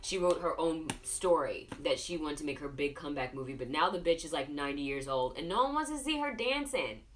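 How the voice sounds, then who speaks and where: A woman's voice: low-pitched, animated, a little fast, hardly any pauses, fairly bright tone, a little hiss or hum. A tipsy woman hosting a casual film review, telling the story in a profane, rambling, gossipy way. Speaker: host. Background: music playing.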